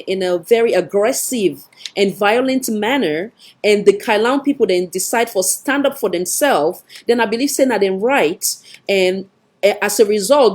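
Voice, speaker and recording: Husky Sierra Leonean woman host. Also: mid-range voice, darkish tone. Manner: firm, explanatory. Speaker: radio host. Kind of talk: broadcast commentary.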